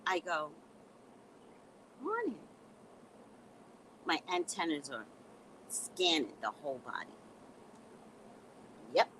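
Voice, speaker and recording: This middle-aged woman, a psychic and live-stream host, has a low yet fairly bright voice, animated and unhurried with frequent pauses. She chats bluntly and sassily with viewers she calls "guys," laughing throughout, over poor audio with slight background noise.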